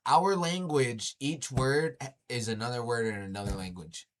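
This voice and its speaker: A man casually commenting on a video he is watching, animated and slangy, often exclaiming. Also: mid-range voice, normal speed.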